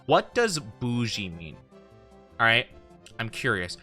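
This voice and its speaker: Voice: medium pitch, very animated, slow, sharp tone, soft background music. A VTuber streamer in rambling casual chat with viewers during a game stream.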